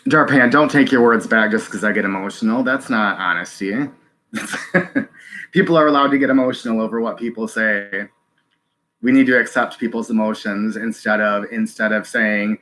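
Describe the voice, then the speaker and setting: A man hosting a live stream, reading chat and speaking earnestly, halting with many ums and restarts, close to tears. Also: fairly low pitch, fairly bright tone.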